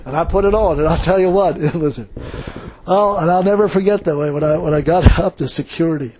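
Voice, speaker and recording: A man's voice: high voice, animated, normal speed, pauses often, background noise. A man preaching a folksy testimony sermon, telling his story casually and chuckling often as he goes. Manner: casual colloquial speech.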